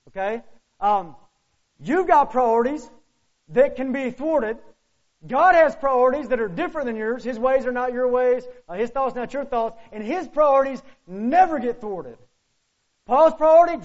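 A pastor preaching a sermon, firing off rhetorical questions and swinging between loud, urgent lines and hushed ones. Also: male voice, very high-pitched. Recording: muffled lo-fi sermon recording.

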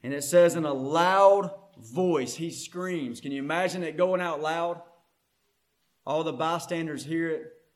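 A man preaching a sermon, moving between hushed scripture reading and loud, impassioned proclamation. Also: a little high, measured pace.

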